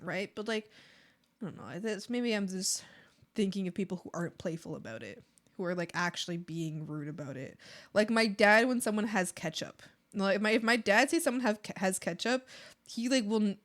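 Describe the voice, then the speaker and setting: A woman's voice: mid-range voice, fairly bright tone. A woman streamer chatting casually while drawing, reading chat and often laughing and joking. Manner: bubbly, laughs a lot, swears playfully. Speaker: art streamer.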